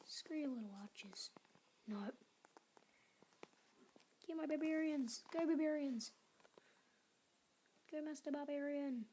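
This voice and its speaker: High-voiced gamer girl, slow. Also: dark tone. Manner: chatty, drops into muttered whispers while playing; cheers on and scolds game units aloud. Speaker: gaming channel host. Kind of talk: casual mobile gameplay commentary.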